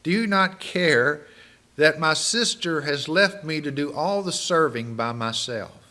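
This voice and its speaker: A man's voice: a little high, lively intonation, measured pace, pushed and bright. A man voicing an exasperated, frazzled woman. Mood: frustrated. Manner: pleading, exasperated, raised voice. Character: frustrated busy woman hosting a meal.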